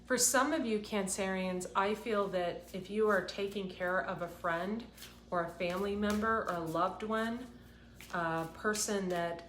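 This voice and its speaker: A woman giving an intuitive card reading, speaking softly and earnestly while on the edge of tears. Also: mid-range voice, reverberant, a little hiss or hum. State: tearful, close to crying. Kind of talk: tarot-style card reading to camera.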